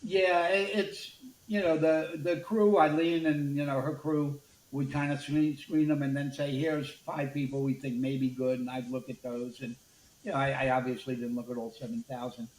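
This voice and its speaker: In a roomy, echoing recording with faint background noise, an older Brooklyn-born man tells stories during an interview. A media executive, he is an animated storyteller who acts out the dialogue, speaking at normal speed in a mid-range voice.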